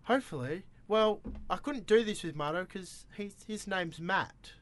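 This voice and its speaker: A man's voice: high-pitched, moderate pace. A man with an Australian accent hosting breakfast radio, chatting in a playful, jokey way. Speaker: radio host.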